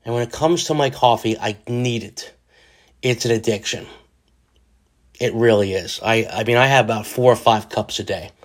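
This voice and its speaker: A man's voice: mid-range voice, moderate pace. Rambling, jokey male podcast host with a cold. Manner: rambling, self-deprecating, jokey asides. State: sick with a cold. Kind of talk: casual solo podcast monologue.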